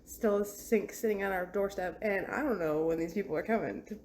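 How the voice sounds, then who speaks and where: A woman's voice: medium pitch, brisk, a little mellow, slight background noise. A woman chatting through a casual home update vlog, rambling and a bit exasperated. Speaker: vlogger.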